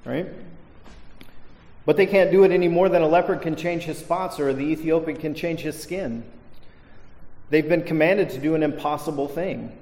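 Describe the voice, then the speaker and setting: A man's voice: fairly high pitch, normal speed, long pauses, darkish tone. Man preaching in an echoey hall. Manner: emphatic, stresses key words. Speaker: pastor. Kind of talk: sermon.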